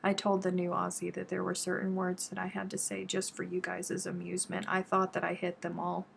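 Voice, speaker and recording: A woman's voice: fairly low pitch, completely flat delivery, a little fast, vocal fry, a little hiss or hum. A middle-aged woman from Texas, casually chatting and answering viewer comments on a crochet live stream. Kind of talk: casual live-stream chat while crafting.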